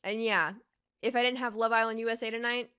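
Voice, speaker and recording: A woman's voice: fairly high pitch, steady tone, fairly quick, bright, forceful tone, clear, resonant tone. A young woman hosting a reaction video, ranting in a heated, profane way and addressing the character directly, worked up and sweating. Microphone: desk microphone.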